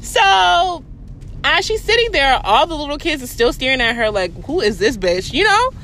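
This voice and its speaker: A woman's voice: high-pitched, moderate pace, a little hiss or hum. Blunt, foul-mouthed storytelling woman. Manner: blunt, profane, animated storytelling. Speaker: vlogger. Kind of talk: storytime vlog.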